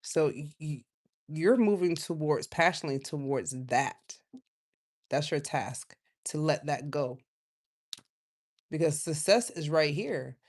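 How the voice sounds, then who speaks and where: A woman giving a casual live tarot reading, chatty and loose, drifting from quiet asides to loud outbursts. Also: low voice, animated, takes it slowly, pauses often. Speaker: tarot reader.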